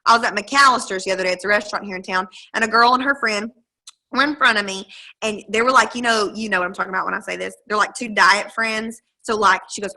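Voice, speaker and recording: A woman's voice: mid-range voice, fast, pushed and bright, poor audio. A woman, giving an emphatic, chatty coaching talk to her sales team over a video call. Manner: emphatic, chatty, acts out quoted dialogue. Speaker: direct-sales team leader.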